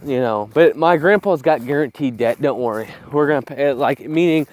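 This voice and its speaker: A man's voice: mid-range voice, moderate pace, a little mellow. A young man filming a casual vlog outdoors on a phone while walking his farm fields, rambling bluntly with profanity and short of breath. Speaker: vlogger. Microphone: phone camera.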